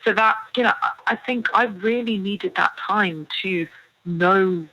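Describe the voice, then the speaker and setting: A woman's voice: medium pitch, measured pace, bright, forceful tone, a little hiss or hum, low-quality recording. A British woman in her thirties, an author guest chatting animatedly in an interview, laughing often and filling with "you know". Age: 30s. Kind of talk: casual interview chat.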